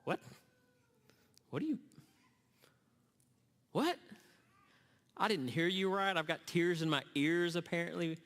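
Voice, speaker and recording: A middle-aged man telling a personal story to parents at a church gathering, earnest and halting, often restarting his sentences. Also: on the high side, big pitch swings, creaky, a bit bright. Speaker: speaker at a church summer series. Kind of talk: storytelling sermon talk. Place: church hall. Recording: long reverb of a large hall.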